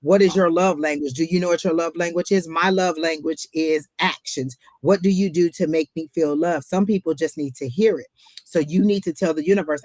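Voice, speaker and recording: A woman's voice: low voice, steady tone, a little fast, no echo. Chatty tarot reader woman, dry sound. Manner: chatty, emphatic, repeats herself. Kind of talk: casual live-stream reading.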